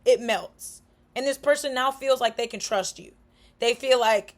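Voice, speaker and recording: A young woman talking frankly and casually to camera, animated and slangy, acting out what people say to each other. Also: on the high side, a little slow. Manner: frank, animated, slangy, acts out quoted remarks. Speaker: vlogger.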